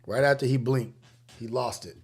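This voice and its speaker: A man's voice: medium pitch, moderate pace, slight background noise. A man in his forties with a Los Angeles accent, hosting a casual livestream chat and telling stories with frequent laughter. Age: 40s. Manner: laughs often, animated storytelling. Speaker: livestream host.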